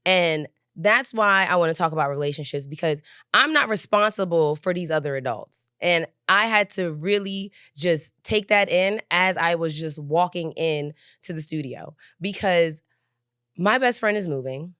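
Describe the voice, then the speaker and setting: A woman's voice: lowish voice, normal speed, sharp tone, clean tone, dry recording, studio quality. Fired-up, swearing woman podcast host. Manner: heated, profane, repeats points with "okay?". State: angry and shaken. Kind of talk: casual venting monologue. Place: recording studio couch.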